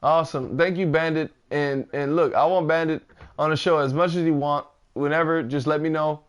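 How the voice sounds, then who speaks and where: A man hosting a casual podcast about games, with a voice pitched somewhat high for a man. He repeats words as he gets going and laughs easily, hyping up each guest. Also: steady tone, normal speed, smooth. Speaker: podcast host.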